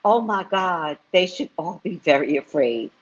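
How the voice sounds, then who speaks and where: A woman with a husky, slightly low voice chats on a live stream. Her pitch leaps all over as she acts out each person in her story and laughs often. The sound is dull and lo-fi. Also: animated, measured pace. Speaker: psychic reader and vlogger. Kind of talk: casual live-stream chat.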